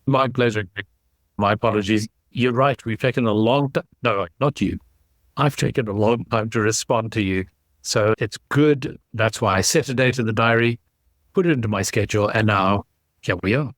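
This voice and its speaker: A man in his sixties from South Africa, with a South African accent softened by English, telling his story at an easy, measured pace as an interview guest over a video call. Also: fairly low pitch, no room sound, clean studio sound. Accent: South African with some English. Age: 60s. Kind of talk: casual interview.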